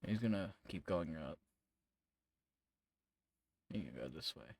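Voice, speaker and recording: Man game master, casual rambling narration, swears freely, low voice, dry close sound. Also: animated, slow, dry recording.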